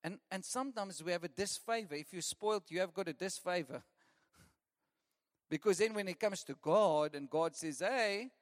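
Male pastor, high voice, lively sermon delivery with frequent laughs, recorded in a reverberant church hall. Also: normal speed. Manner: lively preaching, laughing often, repeating lists.

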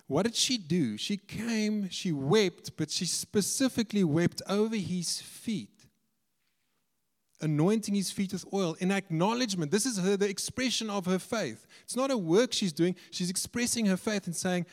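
A man delivers an earnest sermon in a somewhat high voice, often restarting and repeating words. His voice carries through a large hall with a long reverb tail. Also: moderate pace. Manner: earnest, stumbles and repeats words when explaining. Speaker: preacher.

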